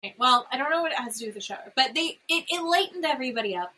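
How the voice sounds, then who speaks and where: A woman co-hosts a chatty podcast with a bright, forceful tone pitched a little high. She retells scenes in an animated way and slips into quoted voices. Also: very fast, low-quality recording. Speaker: podcast co-host. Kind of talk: casual chat recapping a reality show.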